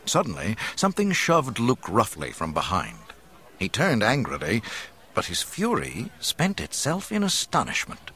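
A man narrating an adventure story aloud in an expressive, dramatic reading style. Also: fairly low pitch, measured pace. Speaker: audiobook narrator. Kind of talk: scripted narration.

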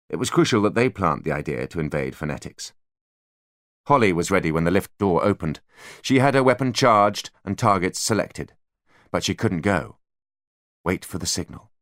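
A man reads an audiobook in an expressive, dramatic narration. His voice is very low yet moves animatedly across a wide range. The recording is dry and close, with no room sound. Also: dry recording. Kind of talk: scripted narration.

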